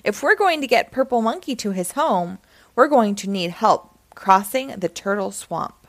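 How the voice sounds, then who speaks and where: A woman's voice: mid-range voice, lively intonation, normal speed, no room sound, close to an everyday voice. A woman reading as Bot, a cheerful cartoon robot. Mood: explaining. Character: friendly cartoon robot boy.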